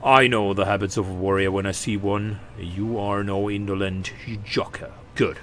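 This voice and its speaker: A gruff, boastful space wolf warlord, voiced by a man reading a game aloud. He declaims slowly and loudly, relishing every word. The voice sits a little low, with a faint hiss of noise underneath. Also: steady tone, lightly acted. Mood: proud. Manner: loud, slow, proud declaiming.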